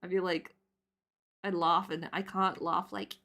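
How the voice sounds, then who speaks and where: A woman in her twenties chatting casually while she draws on stream, rambling with lots of fillers and laughing loudly and often. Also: lowish voice, level tone, unhurried, creaky. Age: 20s.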